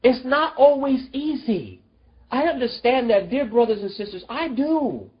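A preacher delivering an emotional, pleading sermon full of rhetorical questions, dropping low and soft at tender moments. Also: lively intonation, measured pace, muffled recording.

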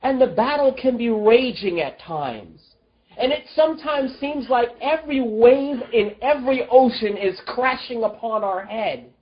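In an emotional sermon, an unhurried preacher's lively pitch swings widely from line to line as rhetorical questions pile up. At the tender moments the voice drops low and soft, captured on a slightly dull, lo-fi recording.

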